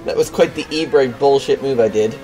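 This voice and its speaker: A man's voice: mid-range voice, a little fast. A man in casual gaming voice chat, giving wry, swearing commentary on his own driving.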